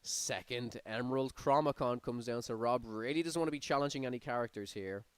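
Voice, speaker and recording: A man's voice: mid-range voice, a little fast, clear, resonant tone, dry recording. A man giving live play-by-play commentary on a card game tournament, his energy rising on big plays. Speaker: tournament caster.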